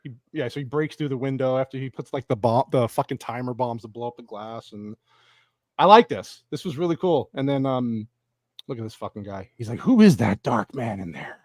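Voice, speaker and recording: A man's voice: medium pitch, brisk, dry recording, clean studio sound. A young man hosting a live stream, giving rambling, profane commentary on a movie and laughing often. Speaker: streamer host. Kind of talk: casual movie watch-along commentary.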